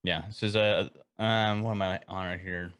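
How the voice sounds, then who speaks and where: A man's voice: low-pitched, fairly even intonation, moderate pace, a bit bright, clean tone, dry recording. A man co-hosting a casual podcast, dropping dry joking asides. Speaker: podcast co-host. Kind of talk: casual chat.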